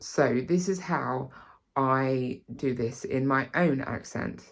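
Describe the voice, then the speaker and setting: British woman tutor, very deep and unhurried, gravelly edge, halting repeats. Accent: British, non-RP. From Britain. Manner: halting, repeats words, starts many lines with "so". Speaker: accent teacher. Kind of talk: accent tutorial.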